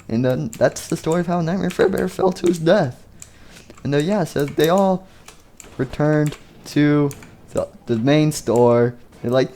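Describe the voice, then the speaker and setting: Rambling man with a mellow voice. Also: mid-range voice, normal speed, slight background noise. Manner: rambling, fillers like "and stuff". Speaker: video creator. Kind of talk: casual game machinima narration.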